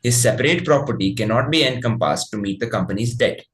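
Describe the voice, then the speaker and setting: Guy reading law text out loud, steady and formal. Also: mid-range voice, fast talker, rough recording. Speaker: teacher reading aloud. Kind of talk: reading a textbook aloud.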